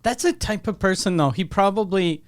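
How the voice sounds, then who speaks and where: A man's voice: high-pitched, animated, normal speed. A man co-hosting a casual comedy podcast who drops wry questions and dry jokes between his partner's stories. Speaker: podcast co-host.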